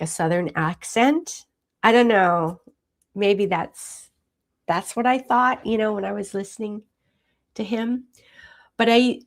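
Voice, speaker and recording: Slow-talking woman hosting a fan livestream. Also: fairly low pitch. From Hawaii. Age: 60s. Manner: chatty, with frequent fillers and soft laughs. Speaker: livestream host. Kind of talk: casual live chat reading viewer comments.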